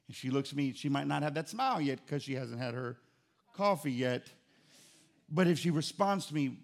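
Pastor, middle-aged man, high gravelly voice, animated joking sermon delivery. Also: fairly quick. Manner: conversational preaching, animated and joking.

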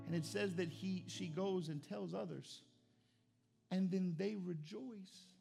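Male pastor preaching in church, high gravelly voice, soft music behind; fervent sermon delivery. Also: slow. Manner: fervent, swings from quiet to loud.

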